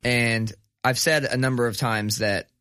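A man's voice: mid-range voice, fairly even intonation, unhurried, bright, forceful tone, dry recording. Profane laid-back young male podcast host. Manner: profane, laid-back, laughs through stories. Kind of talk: casual storytelling chat.

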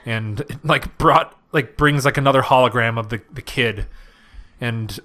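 Bright-voiced man in casual movie banter. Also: mid-range voice, a little slow. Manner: rambling, swears, laughs often. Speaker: podcast co-host.

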